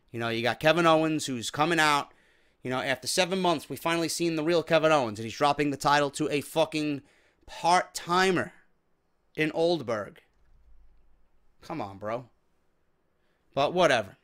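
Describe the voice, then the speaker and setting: High-pitched profane ranting man. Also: a bit bright, smooth. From New York. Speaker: wrestling show host. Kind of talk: ranting commentary.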